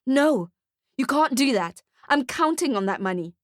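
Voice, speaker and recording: A woman's voice: sits high, expressive, a little slow, no echo, studio quality, voice pushed up. Woman doing a cursing, indignant down-and-out Santa. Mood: protesting. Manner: indignant, blurts mangled curses. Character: foul-mouthed down-and-out male Santa.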